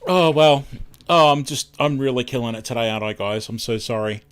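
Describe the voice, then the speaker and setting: A man's voice: medium pitch, brisk, clean tone. An Australian man hosting a live stream in casual chat, rambling, self-deprecating and tripping over his words.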